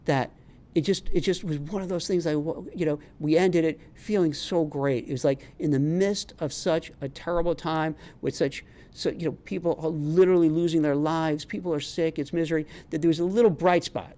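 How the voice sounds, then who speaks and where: A chatty middle-aged man with a New York accent and a slightly high voice. He rambles freely, restarting sentences as he talks straight to camera in a homemade vlog. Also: warm tone. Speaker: career advice vlogger and recruiter. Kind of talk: casual homemade vlog monologue.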